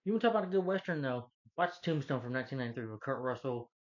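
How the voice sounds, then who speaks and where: A man's voice: medium pitch, animated, rapid-fire, dull audio. A man giving an unscripted rant of a movie review, blunt and rambling, who keeps repeating himself and dropping filler yeahs.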